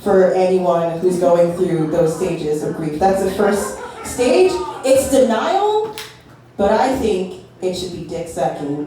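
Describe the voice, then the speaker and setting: Young female stand-up comic, halting and self-deprecating, distant mic in a roomy club. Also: on the low side, expressive. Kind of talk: stand-up comedy set. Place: comedy club stage. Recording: echoey club from far off, crowd. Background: audience laughter.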